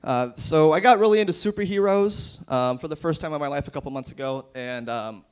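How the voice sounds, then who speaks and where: A man doing stand-up at an open mic night in a brewery, speaking into a handheld mic. His voice sits a little high. He delivers short one-liners in a dry, deadpan way. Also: fairly quick, clear, resonant tone. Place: brewery bar.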